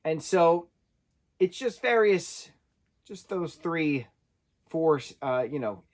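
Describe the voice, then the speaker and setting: A man's voice: a little high, animated, takes it slowly. A man giving a casual spoken film review, talking loosely and correcting himself as he goes. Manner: conversational, self-correcting, loosely rambling.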